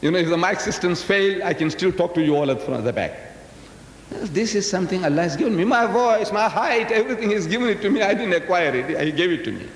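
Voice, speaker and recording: A man's voice: high voice, expressive, fast, slight background noise. An older man from South Africa giving a public lecture to a live audience, folksy and teasing, often questioning his listeners directly. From South Africa, of Indian descent. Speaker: Islamic lecturer. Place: large lecture hall with audience. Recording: echoey hall, 1980s live recording.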